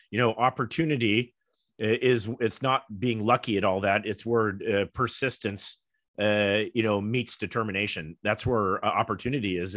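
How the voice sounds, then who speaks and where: A middle-aged American former Olympic kayaker, appearing as a guest, tells stories in a loose, rambling interview full of fillers, acting out the voices of people he quotes. His voice is medium-pitched and fairly bright, with no room sound in the recording.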